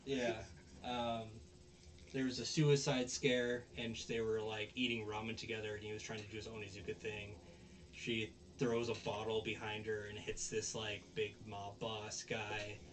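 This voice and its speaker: On a casual podcast, a man with a fairly low voice recaps anime episodes at a normal speed, rambling with plenty of fillers and restarts. He acts out the characters' lines in animated voices, and there's slight background noise.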